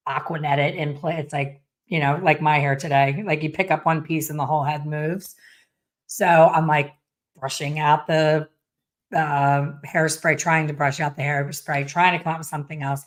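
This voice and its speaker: A middle-aged hair colorist tells viewers a story in a low-pitched voice at a moderate pace. She's blunt and animated, with some mild swearing.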